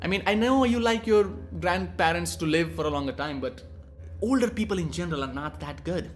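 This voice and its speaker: A man's voice: on the high side, lively intonation, brisk. A young man from India rambling casually through a profane, cheeky monologue as a vlogger.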